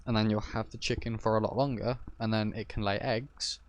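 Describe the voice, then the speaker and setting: A man's voice: lowish voice, steady tone, a little fast. A man streaming a game live, chatting casually with friends, teasing and swearing offhandedly.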